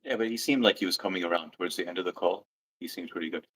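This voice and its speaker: Very deep-voiced easygoing man. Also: very fast, a bit bright, slightly rough, rough recording. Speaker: livestream co-host. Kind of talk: casual livestream chat.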